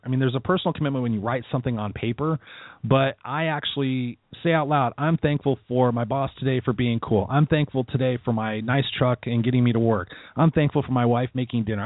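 A middle-aged man hosting a motivational radio show, telling stories in a casual, animated way and acting out the voices of people he quotes. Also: mid-range voice, no room sound. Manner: animated storytelling, acts out quoted lines, casual swearing. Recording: dry, phone-like narrow sound.

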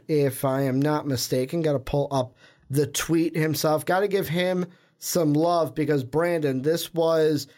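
Chatty higher-voiced man hosting a podcast. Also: a little mellow. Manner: rambling, chatty, self-correcting. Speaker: podcast co-host. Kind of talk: casual sports podcast chat.

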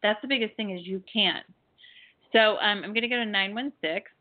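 A woman's voice: mid-range voice, a little fast. A woman hosting a call-in show about past lives, telling stories in a chatty, earnest way with many fillers. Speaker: host and past-life healer. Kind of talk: call-in radio show talk. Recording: tinny phone line.

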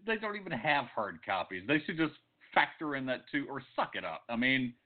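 A man's voice: mid-range voice, very animated, fairly quick. A man co-hosting a podcast, joking and bantering in casual chat. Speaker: podcast co-host. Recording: tinny phone-like audio.

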